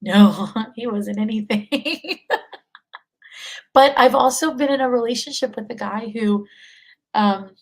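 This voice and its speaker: A woman's voice: a little high, unhurried, pauses often, poor audio. A young woman in her twenties, a podcast guest, talking casually with many fillers and frequent laughs. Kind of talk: casual conversation.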